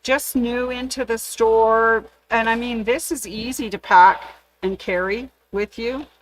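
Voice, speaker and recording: A woman's voice: a little high, steady tone, unhurried, slight background noise. A woman hosting her sewing store's video, showing off craft kits in a chatty, fond way with small jokes. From Canada. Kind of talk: casual product showcase.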